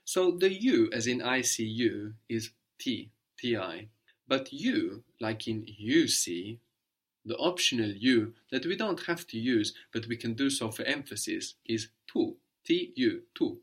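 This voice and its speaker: A man leads a language lesson, patient and methodical. His voice sits at an ordinary middle pitch, and he keeps checking in with a quick "no?" as he walks through each example. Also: expressive. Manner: patient, explains step by step, ends points with "no?". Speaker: language teacher.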